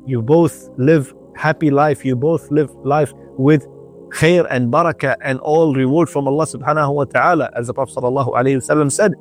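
A man giving an earnest radio sermon, telling a moral story in short, deliberate phrases with slightly non-native English. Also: mid-range voice, fairly even intonation, faint music behind. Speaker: radio preacher.

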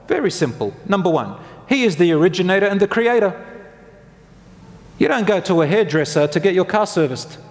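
A man delivers a sermon, talking straight to the congregation with questions and light jokes. His voice sits a little high. The hall rings with a long reverb behind him. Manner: asks the audience questions, jokes with them. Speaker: preacher.

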